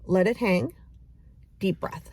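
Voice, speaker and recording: A woman's voice: mid-range voice, takes it slowly, creaky, slightly rough. Woman coaching a mindfulness exercise. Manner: casual, animated, talks straight to the viewer.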